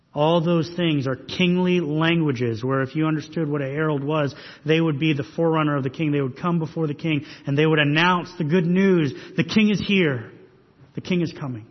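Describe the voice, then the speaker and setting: A man preaching in a church sanctuary, his voice set a little high and slightly husky. The sound carries a long hall reverb, and the recording is dull and muffled. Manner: earnest preaching with rhetorical questions. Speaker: pastor. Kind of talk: sermon.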